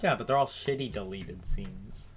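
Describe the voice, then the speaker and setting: A man's voice: on the low side, moderate pace. A young man co-hosting a podcast, chatting casually, laughing often and joking along. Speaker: podcast co-host. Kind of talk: casual chat.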